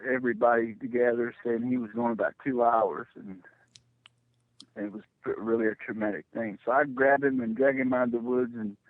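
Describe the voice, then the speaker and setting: A middle-aged man telling a personal story as a radio guest, halting and repeating words when it gets tense. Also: mid-range voice, no echo. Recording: tinny phone line, dry.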